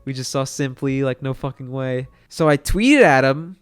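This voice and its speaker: A man's voice: mid-range voice, normal speed, smooth, soft background music. Rambling young man telling a story. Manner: rambling, swears freely, many fillers. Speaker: streamer. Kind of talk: casual storytelling chat.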